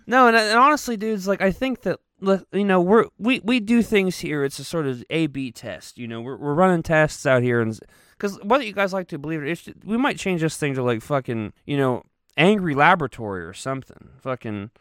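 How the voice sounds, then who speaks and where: A male podcast co-host with a fairly high, very lively voice that climbs and drops constantly. He rambles through fillers and swears freely in casual banter. The recording is dry and close, with no room sound. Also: brisk, clean tone, no echo. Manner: animated, profane, rambling with many fillers.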